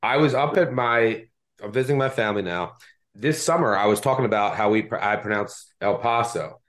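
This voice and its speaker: A man with a lowish, brisk, slightly bright voice hosts a sports betting podcast. He has a Delaware County, Pennsylvania accent from the Philadelphia area, being from there, and his style is chatty and self-deprecating.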